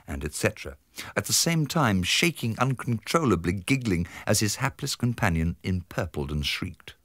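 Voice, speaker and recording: A man's voice: fairly low pitch, sing-song, normal speed, a bit bright. A man narrating a comic story in a pompous, theatrical way with sweeping emphasis.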